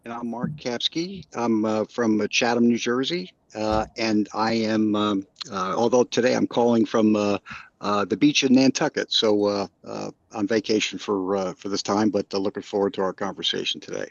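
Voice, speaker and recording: Halting gravelly man, dull dry audio. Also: lowish voice, steady tone, dry recording. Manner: halting, full of fillers. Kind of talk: casual video call introduction. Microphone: video call.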